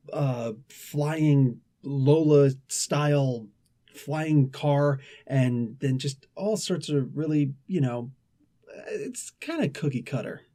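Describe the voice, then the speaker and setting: Man, comic reviewer, casual chatty delivery, rambling asides, mellow tone. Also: a little high. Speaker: comic book reviewer, show host.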